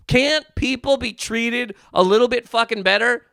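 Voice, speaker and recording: A man's voice: extremely high pitch, brisk, vocal fry, sharp tone, no room sound, clean studio sound. A man hosting a podcast, delivering a heated, profane comedic rant full of restarts and repeated words. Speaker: podcast host.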